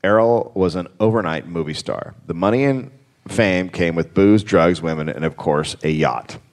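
A man's voice: deep voice, normal speed. A man hosting a live comedy podcast, telling a story in a dry, wry way with crude asides. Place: live show on stage.

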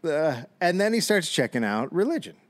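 Lively-voiced man telling a story. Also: on the high side, moderate pace. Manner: storytelling, reads out quotes, jokey asides. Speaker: podcast co-host telling the story. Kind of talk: casual comedic chat.

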